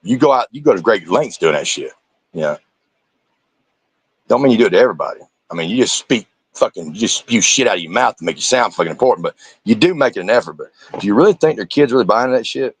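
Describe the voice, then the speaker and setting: A man's voice: fairly low pitch, animated, fast talker, breathy edge, dry recording. A man, a streamer giving angry, profane reaction commentary and confronting the people in the clips.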